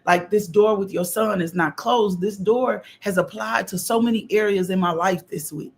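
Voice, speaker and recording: A middle-aged woman preaching a fervent morning devotional on a livestream, repeating phrases and breaking into loud exclamations. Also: mid-range voice, moderate pace, vocal fry. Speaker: host of a morning devotional stream. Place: home livestream.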